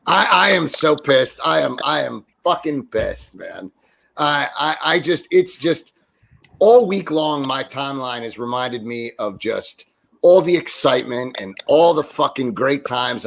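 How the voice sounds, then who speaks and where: A man's voice: medium pitch, vocal fry, a bit bright. A man on a casual sports talk show, ranting with lots of swearing and stammered restarts, sounding exasperated.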